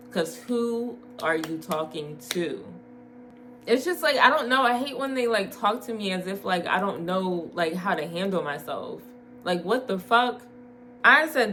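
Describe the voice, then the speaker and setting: Young woman vlogger, lowish voice, spilling dating tea late at night, laughs a lot, cusses, faint hiss behind. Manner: candid, animated storytelling, laughs often, swears. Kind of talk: late-night storytime vlog.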